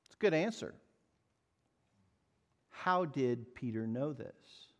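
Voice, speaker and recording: A man's voice: medium pitch, expressive, takes it slowly. A man preaching a sermon in an earnest, emphatic way, asking the listeners pointed rhetorical questions. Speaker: pastor.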